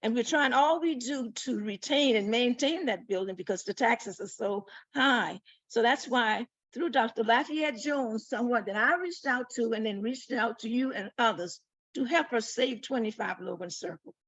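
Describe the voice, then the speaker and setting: A woman who leads an organization, speaking as a panel guest over a video call in a gracious, measured, formal way. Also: on the high side, fairly bright tone, dry recording. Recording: dull, dry, lo-fi call audio.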